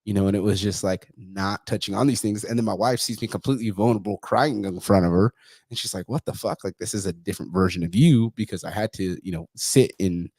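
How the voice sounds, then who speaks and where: A California man in his thirties hosts a podcast, recounting personal stories with plenty of profanity and a casual air. His voice is on the low side, quick, a little mellow and husky, and he acts out the voices of people he quotes; there's no echo.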